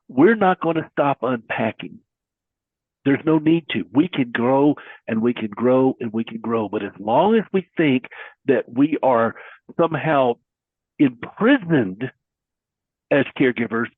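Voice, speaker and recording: A man's voice: medium pitch, animated, moderate pace, husky, no echo, narrow, tinny audio. Earnest man on a phone-thin line. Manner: earnest, preacherly, uses folksy metaphors. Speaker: guest caregiver advocate. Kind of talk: conversational interview.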